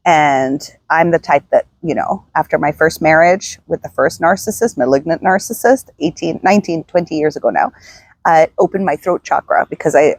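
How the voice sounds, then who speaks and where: A middle-aged woman vlogger telling a personal story to the camera in a reflective, halting way, often restarting her sentences. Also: low voice, breathy edge, no echo. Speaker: self-help vlogger.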